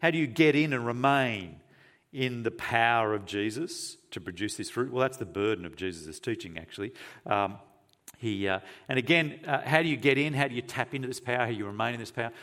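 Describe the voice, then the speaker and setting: A man preaching a sermon, earnest and emphatic, asking rhetorical questions and moving between forceful stresses and quiet, hushed phrases. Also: mid-range voice, a little fast.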